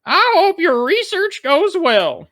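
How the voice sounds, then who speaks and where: A man's voice: very high-pitched, big pitch swings, slow, sharp tone, dry recording, pitched above the performer's own voice, heavily acted. A man voicing a condescending, motherly female bird Pokemon with a sugary Southern country lilt. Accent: American Southern country.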